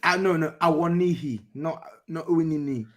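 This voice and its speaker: A man's voice: on the high side, animated, fast talker, slightly rough. A man teasing a friend insistently in a casual football podcast chat.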